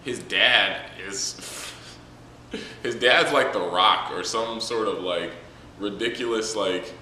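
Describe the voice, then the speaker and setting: A man's voice: lowish voice, takes it slowly, sharp tone, far from the mic, a little hiss or hum. A man reviewing a manga chapter in a casual, rambling, joking way, with many fillers. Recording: echoey room, from the mic.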